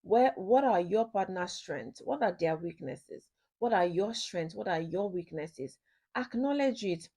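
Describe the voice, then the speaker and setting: A woman's voice: lowish voice, expressive, measured pace, warm tone, breathy edge. Woman teaching about marriage acceptance. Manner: repeats key points, asks listeners questions. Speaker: ministry speaker.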